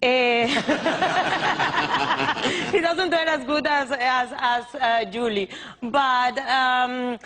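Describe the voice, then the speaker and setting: Woman, Colombian Spanish accent, middle-aged, slightly high voice, animated, talk show guest. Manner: animated, laughing, quick storytelling. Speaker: celebrity guest. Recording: studio audience and ambience behind.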